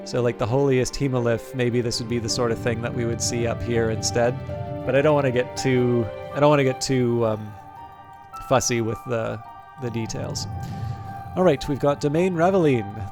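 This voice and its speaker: A man's voice: mid-range voice, moderate pace, music in the background. A man commentating a game late at night, thinking aloud with hesitant restarts and reading game text, a little tired. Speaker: gameplay commentator.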